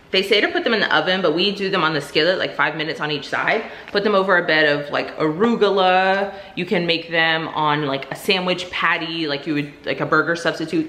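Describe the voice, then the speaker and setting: A woman's voice: lowish voice, bright, forceful tone. A woman chatting casually through a grocery haul in an upbeat, chatty way with lots of fillers. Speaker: vlogger. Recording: echoey room, faint noise.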